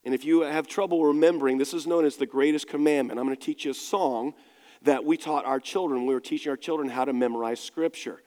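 A man's voice: mid-range voice, steady tone, quick pace, darkish tone, long reverb tail. A male pastor preaching a sermon in a conversational, self-deprecating storytelling manner. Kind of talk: sermon with personal anecdote.

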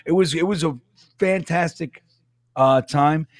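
A man co-hosts a casual podcast, rambling through his stories and acting out what people said. His voice sits a little high. The sound is dry and close to the mic. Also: unhurried, no echo. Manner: rambling storyteller, acts out quotes loudly. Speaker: podcast co-host.

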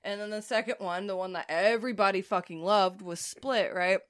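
A woman's voice: mid-range voice, fairly even intonation, normal speed, fairly bright tone, no echo, studio quality. A woman co-hosting a podcast, talking casually and emphatically, swearing as she makes her points. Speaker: podcast co-host. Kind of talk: casual chat.

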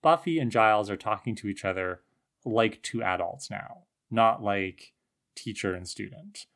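A woman co-hosting a casual podcast who reflects on a TV episode in a measured, hesitant way. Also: rumbling low. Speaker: podcast co-host. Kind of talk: casual chat about a TV episode.

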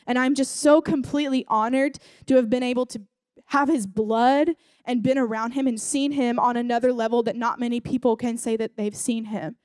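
A woman's voice: fairly high pitch, steady tone, normal speed, a little mellow, clear, resonant tone, no echo. A young woman giving a casual sermon at a church service, telling a story and talking in a chatty way with many fillers.

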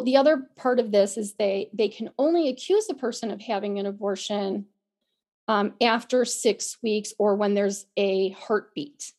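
A woman's voice: medium pitch, darkish tone. A woman co-hosting a podcast, talking earnestly in a casual way, often restarting and repeating words, her voice a little worn as she loses it. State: losing her voice. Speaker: podcast co-host.

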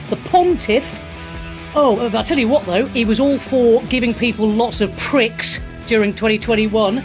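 A woman's voice: on the high side, normal speed. Sarcastic woman over background music. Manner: sarcastic, mocking. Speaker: radio commentator. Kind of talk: opinion commentary segment. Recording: music bed behind voice.

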